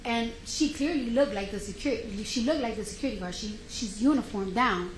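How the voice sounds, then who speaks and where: A woman giving courtroom testimony in an animated storytelling way, acting out what each person said. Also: a little high, a little fast. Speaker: witness testifying. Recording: echoey courtroom, faint noise.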